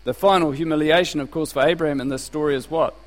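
Pastor, man, slightly high voice, chatty sermon with questions, long hall reverb. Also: steady tone, fast talker. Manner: conversational preaching with rhetorical questions and anecdotes.

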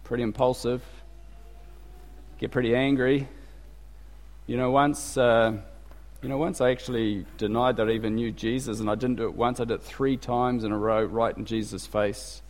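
A man's voice: mid-range voice, flat delivery, moderate pace, pitched below the performer's own voice, close to an everyday voice. Man voicing impulsive guy confessing, blunt casual tone, long church echo. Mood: rueful.

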